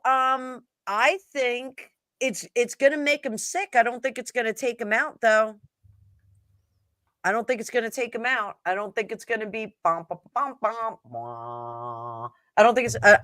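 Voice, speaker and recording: A woman's voice: on the high side, fairly even intonation, normal speed, fairly bright tone, no room sound, studio quality. A woman from New Jersey co-hosting a tarot show in casual, joking chat, laughing often. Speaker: tarot reader co-host.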